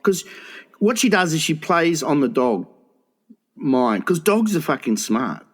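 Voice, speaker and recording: Dude rambling thru a crude story on a podcast, lots of f-words and false starts, voice a bit high. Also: male voice, very animated, measured pace, breathy edge. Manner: rambling, profane, stumbling restarts. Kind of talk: casual podcast banter.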